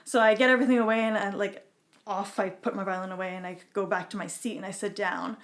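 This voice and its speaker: A woman's voice: mid-range voice, fairly even intonation, quick pace. Chatty woman from Quebec telling a story. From Quebec, Canada. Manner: chatty, fills talk with "like" and "type thing"; acts out quotes in her story. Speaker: podcast guest. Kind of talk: casual storytelling.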